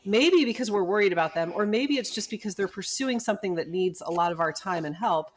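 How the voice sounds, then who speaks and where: Animated middle-aged woman telling a story. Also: medium pitch, a little fast, a little hiss or hum. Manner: animated storyteller who acts out quoted people. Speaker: podcast co-host and physician. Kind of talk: casual storytelling chat.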